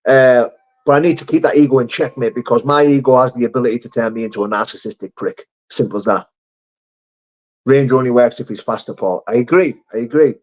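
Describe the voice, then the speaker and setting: A man's voice: mid-range voice, a little mellow, highs cut off. A man hosting a casual live stream, reading out chat messages in a blunt, laddish way with swearing and laughter.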